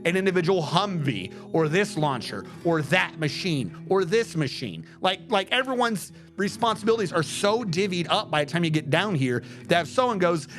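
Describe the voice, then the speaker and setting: A man's voice: high voice, big pitch swings, normal speed, few pauses, a bit bright, faint music behind. A man streaming a game, chatting in a casual, profane rant and explaining things step by step.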